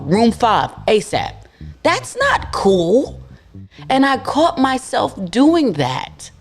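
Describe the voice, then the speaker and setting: A young woman hosting a podcast tells a story in a blunt, slangy, animated way. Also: high voice. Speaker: podcast host. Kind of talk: casual storytelling monologue.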